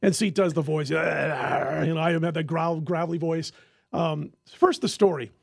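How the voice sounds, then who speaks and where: A high-pitched man telling a lively story on a sports-betting podcast, laughing as he goes. The sound is dry and close, with no echo. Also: normal speed, vocal fry, breathy edge. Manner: animated storyteller who laughs often. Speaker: podcast host and sports handicapper.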